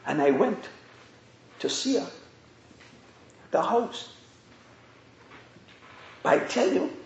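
A man with a strikingly high voice preaches with fervour, often climbing into shouted emphasis. The sound is roomy and echoey, with a faint hiss underneath. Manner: impassioned, rises to shouting. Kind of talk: sermon. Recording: echoey room.

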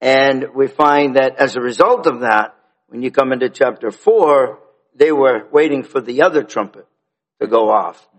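A man's voice: medium pitch, moderate pace, rough recording. A man teaching from the Bible in a conversational way, stopping to restart and repeat words as he builds his point.

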